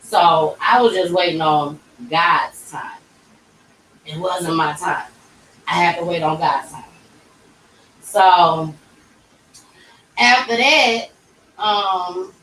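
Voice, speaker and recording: Casual storyteller, a woman, lively and animated, recorded off-mic in a roomy space with faint background noise. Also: on the low side, recorded from a distance. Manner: animated, acts out quoted voices. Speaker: vlogger telling her story. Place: tattoo shop.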